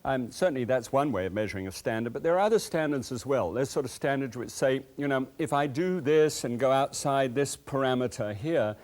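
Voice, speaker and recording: A man's voice: medium pitch, a little fast, few pauses, darkish tone. A man hosting a cooking show, chatting enthusiastically and telling folksy anecdotes from a TV kitchen set. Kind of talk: cooking show chat and storytelling.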